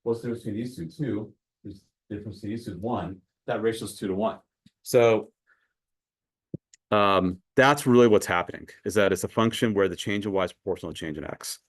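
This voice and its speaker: A man's voice: lowish voice, fairly quick, no room sound, studio quality. A man teaching a math class in a conversational way, asking students questions and often repeating words. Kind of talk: classroom lecture.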